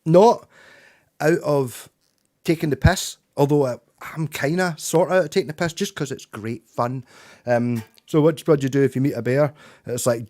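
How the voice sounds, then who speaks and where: Scottish male streamer, rambling sweary chatter, a touch higher-pitched, soft guitar in the background. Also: normal speed. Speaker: livestreaming musician. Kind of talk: casual chat with viewers.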